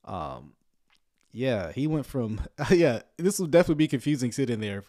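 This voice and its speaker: A man giving casual livestream commentary on a sermon, sarcastic and rambling, often chuckling and filling pauses with "um.". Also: mid-range voice, very animated, mellow. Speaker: online commentator reacting to a sermon.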